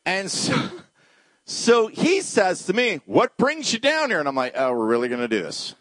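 A man preaching a sermon as a pastor, telling a personal story and acting out the dialogue, at times dropping to a hushed voice. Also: sits high, big pitch swings, normal speed, dry recording.

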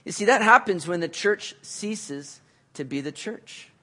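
A man preaching a sermon, earnest, building to emphatic peaks and then dropping back low. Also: lively intonation, a little slow, pushed and bright.

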